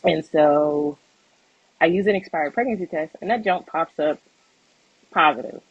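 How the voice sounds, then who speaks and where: A young woman with a husky, breathy voice tells a personal story on a podcast and acts out the other people in it. The sound is close and dry with no room echo, and the audio is slightly dull and lo-fi. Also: deep voice, unhurried. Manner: animated, acts out quoted voices, laughs often. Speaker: podcast co-host.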